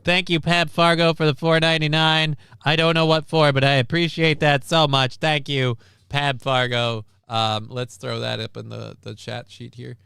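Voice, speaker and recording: A man's voice: on the high side, little pitch movement, moderate pace, gravelly, pushed and bright, clean tone, no room sound. A man hosting a casual live stream, rambling and wry with crude asides, reading out and thanking viewers. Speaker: stream host.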